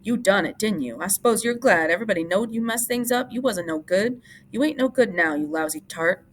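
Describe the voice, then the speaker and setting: Woman reading as a sad old ranch hand, begging, goes up high, slight hiss. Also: normal speed, creaky. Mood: bitter. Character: old one-handed ranch hand, grieving and bitter.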